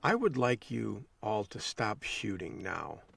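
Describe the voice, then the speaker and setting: A man voicing a meek, calm little old lady who politely and firmly insists, in his own low, gravelly voice. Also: slow, recorded from a distance, exaggerated voice. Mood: calm, insistent.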